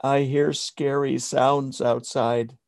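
A man's voice: mid-range voice, little pitch movement, takes it slowly, vocal fry, a little mellow, voice pushed up. A man voicing a frightened little girl bunny in a storybook, speaking timidly and asking questions. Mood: scared.

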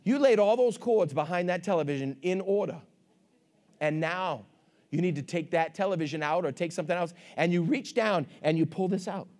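A man preaching a sermon with fervor, swinging between shouts and hushed asides and calling on the congregation for amens. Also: sits high, moderate pace. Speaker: pastor.

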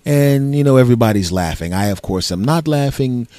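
A man spinning a comic story in a sarcastic, animated way, now and then jumping into shrill impressions of his friends. His voice sits at an ordinary middle pitch. The sound is dry and close, with no room around it. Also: fairly quick, dry recording. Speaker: podcast host.

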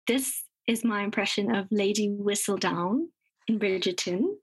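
A woman in her thirties chatting as a podcast guest, upbeat and quick to laugh. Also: medium pitch, slightly rough, rough recording. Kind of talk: casual interview chat.

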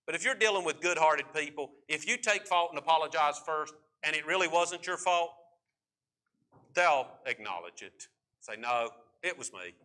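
A man preaching a sermon, emphatic, acting out the figures in the story and slowing right down to stress key points. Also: fairly high pitch, animated, bright, forceful tone.

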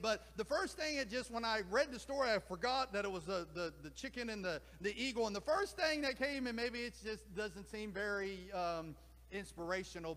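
A man in his forties preaching a sermon, reading a story slowly and emphatically and then rambling in asides. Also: high-pitched, sharp tone. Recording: long hall reverb.

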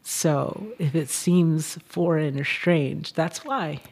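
A woman, a writer and artist, talking as a podcast guest in a reflective, thoughtful way with soft laughs between thoughts. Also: deep voice, takes it slowly. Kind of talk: reflective conversation.

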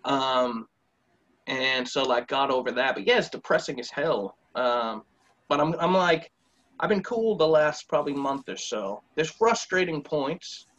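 A man's voice: medium pitch, measured pace, fairly bright tone. A man with a Boston accent, chatting loosely and jokingly as a guest, swearing casually. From Boston area. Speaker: guest rapper. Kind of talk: casual chat. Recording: dull lo-fi audio.

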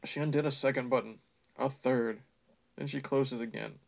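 A man's voice: mid-range voice, fairly even intonation, moderate pace, gravelly. A man reading a badly written novel aloud for comedy, breaking off into exasperated, sardonic, profane asides. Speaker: storytime host.

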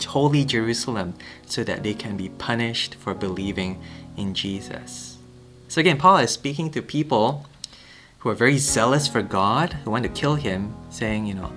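A man hosting a daily Bible reading show, reading scripture and chatting about it in a relaxed way with lots of fillers and quick laughs. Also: lowish voice, faint music behind. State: a bit sleepy. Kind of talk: casual Bible reading and commentary.

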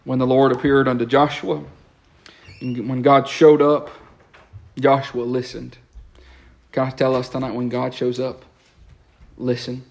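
A man, preaching a lively sermon in a church and breaking into quick asides and repeated words. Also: mid-range voice, gravelly. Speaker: pastor. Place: church sanctuary.

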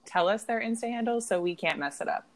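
A woman's voice: on the high side, expressive, quick pace, a loud crowd. A woman co-hosting a casual book podcast, chatting and telling stories with a laugh. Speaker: podcast co-host. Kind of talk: casual chat.

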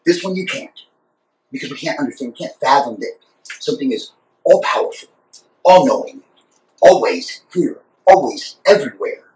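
A man's voice: fairly high pitch, lively intonation, moderate pace, pauses often, darkish tone. A man leading a church roundtable as archbishop, talking animatedly with frequent repeats and restarts. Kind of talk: informal church discussion. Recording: echoey room, distant mic.

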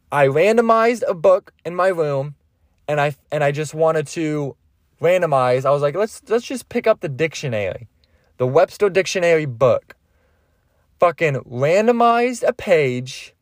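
A young man hosting a solo podcast, rambling excitably and swearing freely as he tells a story from a parked van. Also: a little high, no echo, clean studio sound. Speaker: podcast host.

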